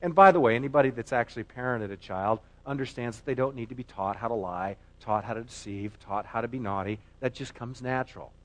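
A man's voice: medium pitch, fairly quick, few pauses. A middle-aged man preaching a sermon as pastor, earnest and emphatic, often repeating himself for weight.

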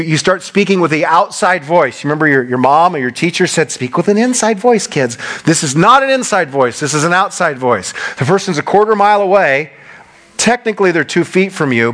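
A middle-aged male pastor preaching a sermon, repeating key phrases and swinging between loud, emphatic bursts and quieter asides. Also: a little high. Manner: loud when passionate.

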